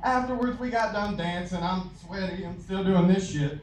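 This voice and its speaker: A man's voice: sits high, moderate pace. Crude young Southern guy doing stand-up. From Louisiana. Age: young adult. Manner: crude, self-mocking, laughing at his own jokes. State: out of breath. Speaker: stand-up comedian. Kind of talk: open-mic stand-up set. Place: comedy club stage. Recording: echoey club from a distance.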